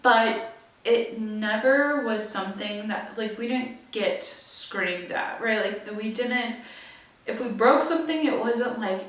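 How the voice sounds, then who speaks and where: A woman's voice: on the high side, a little slow. A young woman hosting a podcast, chatting casually and filling her talk with "like" and "right?". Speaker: podcast host. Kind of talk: casual solo chat. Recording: very echoey room, far from mic.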